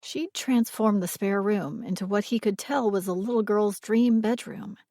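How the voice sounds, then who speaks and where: A woman's voice: mid-range voice, normal speed, dark tone, dry recording, clean studio sound. Woman narrating a romance audiobook.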